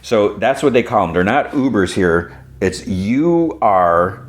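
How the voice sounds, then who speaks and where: Deep-voiced man recapping a show. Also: animated, slow. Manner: rambling, with restarts and asides. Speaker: podcast host. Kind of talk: casual episode recap.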